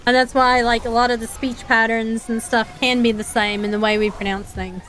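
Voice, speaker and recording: A young woman with an Appalachian accent, a VTuber, chats casually and rambles while streaming a game, laughing often. Her voice is fairly high and a bit bright, with a flat delivery at normal speed and slight background noise.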